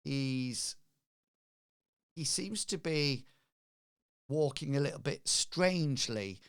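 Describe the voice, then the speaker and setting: A male game master narrates a tabletop adventure at a very slow, halting pace. His voice is smooth and clear, recorded dry and close. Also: medium pitch, animated, no room sound.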